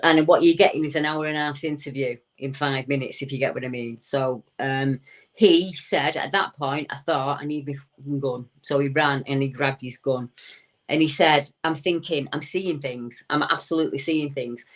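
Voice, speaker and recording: A woman with a deep, low-set voice tells a story as an interview guest. She relays a witness's account in a conversational way and slips into his quoted words to act them out. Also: moderate pace. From United Kingdom. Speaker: guest recounting a witness's encounter.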